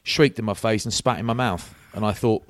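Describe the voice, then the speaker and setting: Man telling a lively story. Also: lowish voice, a little fast, no room sound, clean studio sound. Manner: lively storyteller, says mate a lot. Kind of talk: casual chat, anecdote telling.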